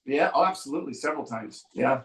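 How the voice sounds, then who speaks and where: This rough recording from an echoey room catches a fast-talking middle-aged musician from San Francisco with a mid-range voice. As a guest in a casual interview chat, he tells stories in a relaxed way, with dry humor and plenty of ums.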